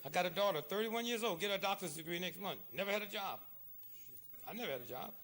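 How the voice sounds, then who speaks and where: A man giving an impassioned, sarcastic lecture, swinging between shouting and hushed asides. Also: high-pitched, expressive, quick pace. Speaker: public speaker. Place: lecture hall.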